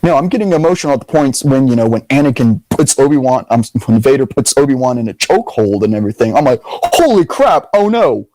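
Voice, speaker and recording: Young man, casual debate, emphatic, animated, mid pitch, dry close sound. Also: fast, few pauses, no echo, rough recording. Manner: animated, emphatic, repeats "literally". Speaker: video host.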